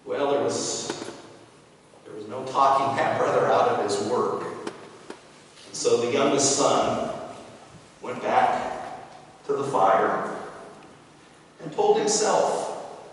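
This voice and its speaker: Preacher man storytelling slow in a church, really echoey, sounds far from the mic. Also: medium pitch, a little hiss or hum. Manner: dramatic storytelling. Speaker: pastor. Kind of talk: sermon storytelling. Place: church sanctuary.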